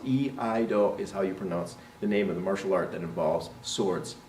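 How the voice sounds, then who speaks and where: A man's voice: deep voice, steady tone, normal speed, few pauses, darkish tone, a little hiss or hum. A man teaching as a martial arts instructor, explaining terms and modeling their pronunciation, often checking with "right?". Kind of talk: instructional talk to camera. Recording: roomy, voice from a distance.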